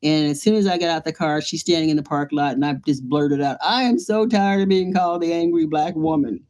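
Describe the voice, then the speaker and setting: Animated woman telling a story. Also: deep voice, fairly quick. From United States. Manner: animated storyteller, acts out voices, laughs often. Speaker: artist and playwright. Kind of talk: storytelling interview.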